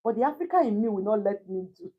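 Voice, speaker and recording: A Nigerian woman in her thirties telling a personal story to a live chat in a casual, animated way, laughing often and slipping into pidgin. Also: mid-range voice, fast, husky, narrow, tinny audio. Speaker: livestream host.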